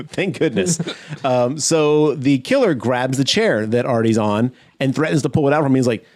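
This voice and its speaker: A man hosting a podcast, recapping a film in casual chat and acting out lines in loud voices. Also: mid-range voice, normal speed, no echo. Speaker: podcast host.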